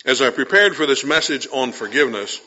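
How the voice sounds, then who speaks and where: A pastor preaching a sermon in a relaxed, conversational way, acting out quoted voices and reading aloud. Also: male voice, mid-range voice, a little fast, lo-fi sound.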